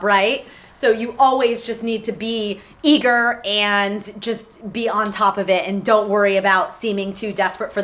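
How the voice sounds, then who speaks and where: A young woman vlogger telling a personal story to camera in a casual, excitable way, acting out what others said. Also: mid-range voice. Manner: excitable, animated retelling with quoted voices.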